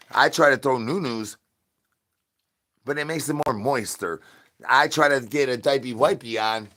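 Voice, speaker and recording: A man doing a crude, rambling comedy rant, chanting catchphrases over and over and swinging from mumbled asides to loud bursts. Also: mid-range voice. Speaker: comedy streamer.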